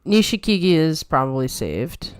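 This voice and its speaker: A woman's voice: deep voice, very animated, normal speed, smooth, dry recording. A woman co-hosting a podcast, chatting casually and telling stories with a giggle. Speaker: podcast co-host. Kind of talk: casual chat.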